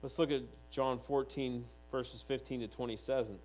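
A man preaching a sermon, reading scripture aloud and voicing the figures of the text with animated delivery. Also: mid-range voice, moderate pace, a little hiss or hum, poor audio. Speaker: pastor.

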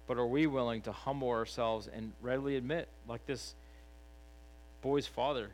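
A man's voice: mid-range voice, fairly even intonation, moderate pace, a little mellow, rough recording. A middle-aged man preaching a sermon in an earnest, conversational way, rising for emphasis on key points.

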